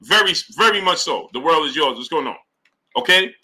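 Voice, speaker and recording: Bright-voiced male boxing streamer. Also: on the high side, brisk, rough recording. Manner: animated, shouts out viewers by name. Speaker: boxing talk show host. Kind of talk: live-stream chat reading super chats.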